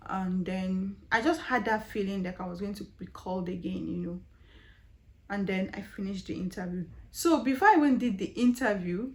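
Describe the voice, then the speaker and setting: Chatty Nigerian woman telling a story. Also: mid-range voice. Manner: chatty, animated, with frequent fillers and rhetorical questions. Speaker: vlogger. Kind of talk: casual storytelling vlog.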